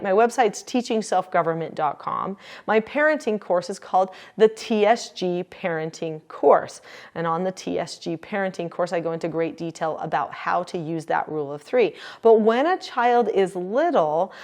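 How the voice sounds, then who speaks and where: Calm, measured woman teaching parents. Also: on the low side. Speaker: parenting educator. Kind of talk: instructional talk to camera.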